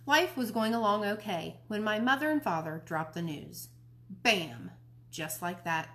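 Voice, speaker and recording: A woman's voice: mid-range voice, lively intonation, measured pace, pushed and bright. A woman from a library reading a children's novel aloud in a friendly, informal way. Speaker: library storytime reader.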